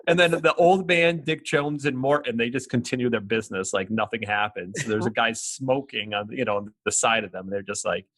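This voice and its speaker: A man's voice: medium pitch, steady tone, brisk, few pauses, fairly bright tone, dry recording. A man co-hosting a podcast, talking casually in a rambling way and laughing often. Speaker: podcast co-host. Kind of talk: casual chat.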